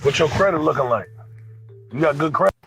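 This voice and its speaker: A man's voice: a little high, expressive, fairly quick, gravelly, fairly bright tone, faint music behind. A man doing a comedy sketch, with teasing, slangy banter.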